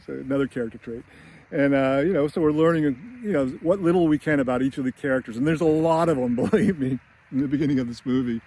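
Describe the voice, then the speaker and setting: A man's voice: medium pitch, fast talker, darkish tone. A man casually retelling a film scene in a chatty way, laughing often and using many fillers. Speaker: screenwriting commentator.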